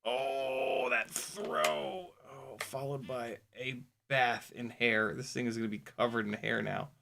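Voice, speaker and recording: A man vlogging as he flies a small drone, talking to himself in casual commentary with quick exclamations and the odd swear word. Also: mid-range voice, creaky, sharp tone, slight background noise. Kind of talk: casual commentary while flying.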